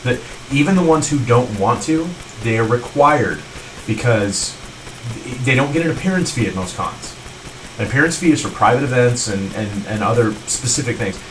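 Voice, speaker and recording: A man's voice: mid-range voice, lively intonation, normal speed, a bit bright, recorded from a distance, slight background noise, poor audio. A man co-hosting a podcast in casual chat, explaining at length and often agreeing with "right". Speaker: podcast co-host.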